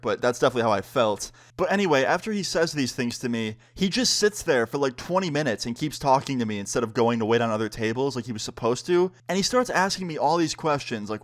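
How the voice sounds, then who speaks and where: A man's voice: on the high side, animated, fast, few pauses. A young man casually telling a personal story, acting out the lines of the people in it. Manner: laid-back, acts out quotes of friends.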